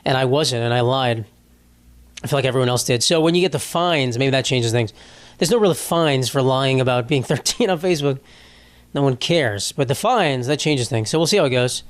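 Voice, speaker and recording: A man's voice: mid-range voice, animated, normal speed. A young man hosting a casual solo podcast, rambling and joking with plenty of swearing. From United States. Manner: rambling, profane, jokey. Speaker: podcast host.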